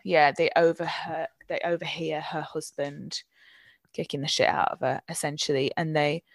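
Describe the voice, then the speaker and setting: Low-voiced woman chatting about a book. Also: fairly even intonation, moderate pace, no room sound. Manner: searching for words, many restarts, swears freely. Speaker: podcast co-host. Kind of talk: casual book discussion.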